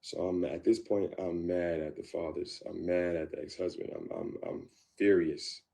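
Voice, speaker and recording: A deep-voiced man with a gravelly, dark tone recounts a past relationship in a candid interview. He speaks in halting bursts, restarting and repeating his words. His voice sits low and relaxed. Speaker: guest.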